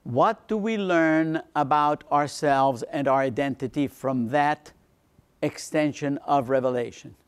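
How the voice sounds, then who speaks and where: A man, a priest, giving a lecture on faith to a seminar, repeating phrases for emphasis and dropping into quiet low asides. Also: a little slow, smooth. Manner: animated, swings between emphatic lines and quiet low asides.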